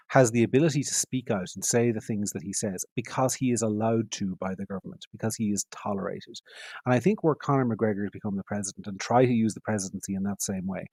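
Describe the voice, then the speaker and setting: A middle-aged man with an Irish accent speaks quickly, fluently and analytically, stacking his points one after another. His voice sits slightly low. The sound is close and dry, with no room echo. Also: darkish tone. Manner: fluent, analytical, repeats phrases for emphasis. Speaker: guest, media editor. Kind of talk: podcast interview answers.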